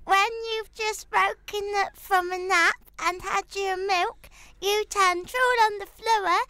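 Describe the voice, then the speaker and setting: A man voicing a drooling baby just up from a nap in a comic radio ad skit, slow squealing baby talk. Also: very high-pitched, fairly even intonation, bright, forceful tone, pitched above the performer's own voice, heavily acted. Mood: cooing.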